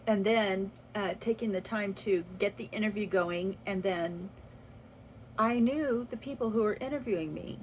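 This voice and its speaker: A woman's voice: mid-range voice, moderate pace, a little hiss or hum, low-quality recording. A woman talking through a personal faith reflection in a casual, earnest way, with restarts as she thinks aloud. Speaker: vlogger sharing a faith reflection.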